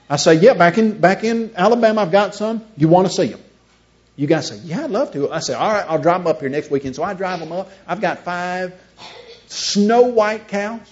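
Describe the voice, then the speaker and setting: A man giving a seminar talk, full of rhetorical questions and acted-out dialogues. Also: high voice. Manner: storytelling, acts out both sides of imagined dialogues. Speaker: creationist seminar speaker. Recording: dull lo-fi recording.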